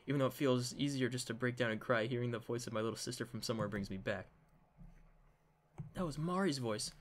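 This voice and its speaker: A man's voice: mid-range voice, brisk. A man reading a visual novel aloud in a dramatic way, slipping in joking asides. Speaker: game narrator.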